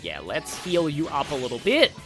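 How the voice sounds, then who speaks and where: A man's voice: on the high side, huge pitch swings, moderate pace, music in the background. A man giving casual, rambling, jokey commentary while playing a video game. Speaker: gaming YouTuber. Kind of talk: casual let's-play commentary.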